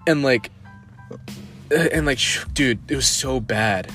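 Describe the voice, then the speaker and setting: A man's voice: medium pitch, slow pace, fairly bright tone, faint music behind. A teenage guy co-hosting a casual podcast, rambling through stories with lots of filler words. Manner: rambling, filler-heavy, laughs often. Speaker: podcast co-host. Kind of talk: casual chat.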